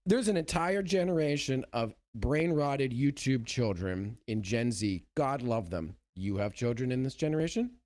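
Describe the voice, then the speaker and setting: A man's voice: medium pitch, normal speed, hardly any pauses. A middle-aged man co-hosting a podcast, ranting in a mocking, profane way. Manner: animated, profane, mocking voices. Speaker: podcast co-host. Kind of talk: ranting casual chat.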